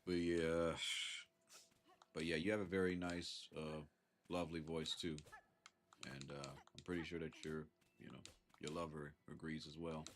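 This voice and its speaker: Over slight background noise, a man with an extremely low voice speaks flatly at normal speed, pausing often. He has a Southern US accent and a sinus infection's congestion, and he chats on a live stream in a laid-back way, chuckling and thanking chatters.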